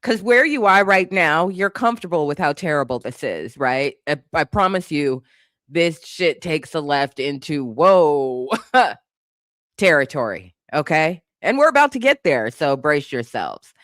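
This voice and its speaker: Chill vlogger laughing and snarking over song lyrics at home, bouncy pitch, dry sound. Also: measured pace, dry recording. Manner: laughs often, sarcastic and animated. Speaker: YouTube commentator. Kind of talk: casual reaction commentary on song lyrics. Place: home, living room with a couch and a cat.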